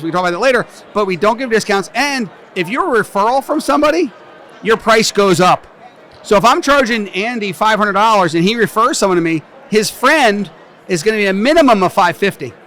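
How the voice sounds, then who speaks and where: Brash high-voiced man telling stories. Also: bright, forceful tone. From New Jersey. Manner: brash, joking storyteller. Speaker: tax business owner, guest. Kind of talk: casual interview chat. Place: conference venue.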